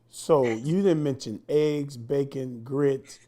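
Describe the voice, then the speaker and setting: Lively, playful male host. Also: fairly high pitch, moderate pace. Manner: playful, incredulous questioning. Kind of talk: casual chat.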